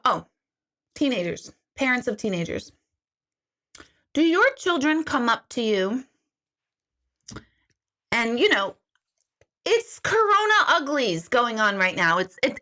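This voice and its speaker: Chatty, rambling woman with a high voice. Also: very animated, unhurried, long pauses, sharp tone. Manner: rambling, chatty, self-mocking, talks straight to viewers. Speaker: host of an intuitive reading livestream. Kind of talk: casual livestream chat. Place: at home.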